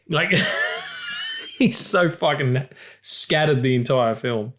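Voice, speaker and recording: A man co-hosting a film podcast in casual chat, animated, swearing often and laughing loudly. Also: medium pitch, a little slow, long pauses. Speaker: podcast co-host.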